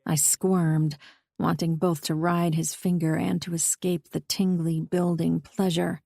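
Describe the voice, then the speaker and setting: A woman reading a first-person audiobook novel in a steady, intimate way. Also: on the low side, unhurried, vocal fry, no room sound, studio quality. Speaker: audiobook narrator. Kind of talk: scripted first-person narration.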